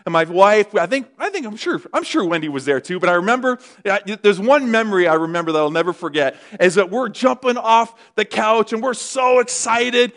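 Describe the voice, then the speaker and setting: A middle-aged man preaching a sermon as pastor, telling stories in an animated way. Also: high voice, fairly quick, few pauses. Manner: animated storytelling, rises excitedly.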